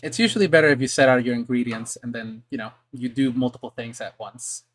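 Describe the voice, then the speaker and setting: A woman in a casual role-play chat, calm and matter-of-fact with a gently teasing manner. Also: very deep voice, fast talker. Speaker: player and co-host.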